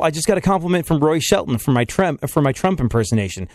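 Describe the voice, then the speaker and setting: A man's voice: on the high side, animated, quick pace, hardly any pauses, a little mellow, dry recording, studio quality. A man hosting a radio show in casual chat, joking, laughing often and rambling.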